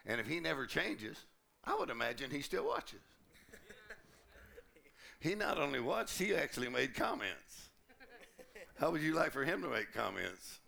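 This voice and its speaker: A male pastor preaching a sermon to a conference congregation, lively and humorous, acting out little quoted exchanges. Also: medium pitch, moderate pace, vocal fry, pauses often. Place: church conference.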